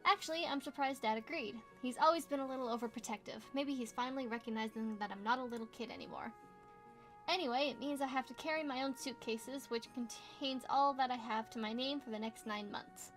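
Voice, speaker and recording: A young woman reading a visual novel aloud as a gamer, playful, with quick asides and exclamations. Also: sits high, soft background music. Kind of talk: casual let's play reading with asides.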